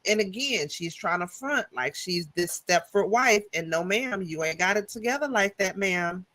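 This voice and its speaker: A woman's voice: mid-range voice, expressive, normal speed, fairly bright tone. A woman co-hosting a live TV review, talking in a sassy, blunt, slangy way. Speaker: co-host, TV reviewer. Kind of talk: casual live TV review chat.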